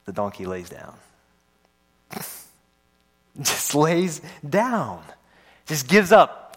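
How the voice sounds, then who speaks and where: A man preaching a sermon in a church service, telling a story in an animated way with playful asides. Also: medium pitch, drawn-out words, pauses often, slightly rough. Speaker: pastor.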